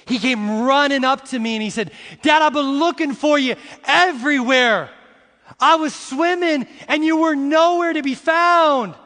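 A middle-aged man preaching a sermon, repeating phrases slowly for emphasis and rising into shouts as he addresses the congregation. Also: very high-pitched, long reverb tail. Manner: uses "y'all" and "see" to address the congregation. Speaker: pastor.

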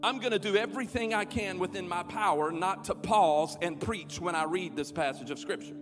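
A man preaching a sermon as pastor, calling on the crowd to respond and swelling to shouts. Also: high-pitched, a little fast. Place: large church auditorium. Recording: long hall reverb with music behind.

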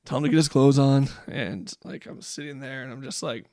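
A man's voice: mid-range voice, fairly even intonation, fairly quick, darkish tone, dry recording, studio quality. A father in his thirties on a podcast, telling a rambling, reflective story about his kids with lots of filler words. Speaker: podcast co-host. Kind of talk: casual storytelling chat.

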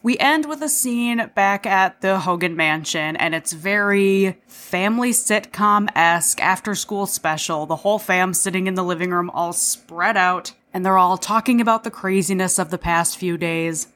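A woman's voice: on the low side, moderate pace, few pauses, fairly bright tone. A woman hosting a podcast, recapping an episode in a chatty way, with swearing and self-deprecating asides. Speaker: podcast host.

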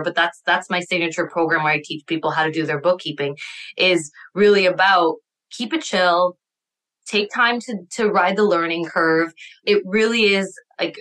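Bright upbeat woman guest, lots of "like"s, laughs a lot, easygoing podcast chat. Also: on the low side. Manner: upbeat, laughs often, acts out voices in quotes; many "like" fillers. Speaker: guest, accountant and bookkeeping coach. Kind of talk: casual podcast conversation.

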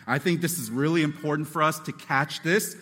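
A man preaching to his congregation with an animated delivery that slips into acted-out voices. His voice sits a bit high for a man and rings bright and forceful. The sound carries the long reverb of a church hall. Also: fairly quick. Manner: animated, acts out voices and quotes. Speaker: pastor. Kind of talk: sermon.

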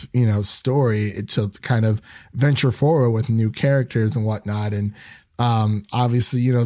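A man's voice: medium pitch, mellow, no room sound, studio quality. A young man hosting a casual review podcast, rambling with lots of fillers. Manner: rambling, heavy use of fillers like "um" and "you know". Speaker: podcast host.

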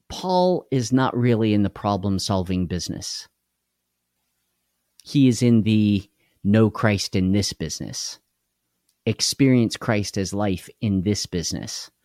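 A tired, worn-out man leads a live devotional in a relaxed, folksy way. He chats with his viewers and greets them by name. His voice is close and dry, with no room sound behind it. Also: on the low side, slow pace, no echo. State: tired and unwell. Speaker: devotional livestream host. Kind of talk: casual livestream devotional.

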